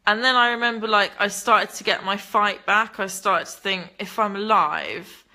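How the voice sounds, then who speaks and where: Young woman, bright voice, frank and unfiltered storyteller who swears freely. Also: mid-range voice, fairly even intonation, moderate pace. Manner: blunt, candid, swears freely. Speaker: livestreamer reading chat. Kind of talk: casual confessional storytelling.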